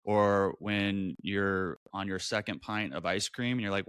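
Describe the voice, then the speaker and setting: A young adult man talking about mental health, lively and expressive, his pitch leaping up when he acts out his own thoughts. His voice sits a little low and sounds dry and close to the mic, with no room around it. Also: measured pace, hardly any pauses, dry recording. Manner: expressive, jumps high in pitch for quoted inner voices. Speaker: podcast guest, mental health advocate. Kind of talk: animated conversational storytelling.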